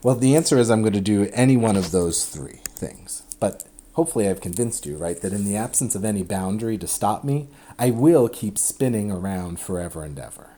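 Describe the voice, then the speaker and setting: A man giving a recorded math lecture at a board, chatty and animated, often breaking off and restarting his sentences. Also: on the low side, brisk, hardly any pauses, a little hiss or hum. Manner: chatty, self-interrupting, animated explanations.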